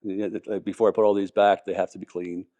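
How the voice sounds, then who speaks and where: An enthusiastic man with a somewhat low voice, chatting as a podcast guest. He rambles, restarts his sentences and piles on details. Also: flat delivery, fast talker, dark tone, muffled recording. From Colorado, US. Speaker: podcast guest, car collector. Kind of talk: casual interview talk.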